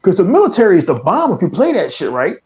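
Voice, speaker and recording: An American man hosts a casual podcast in a high voice with huge pitch swings, talking quickly and sounding a little mellow on a lo-fi recording. He's profane and opinionated, stammers and restarts, and laughs at his own jokes.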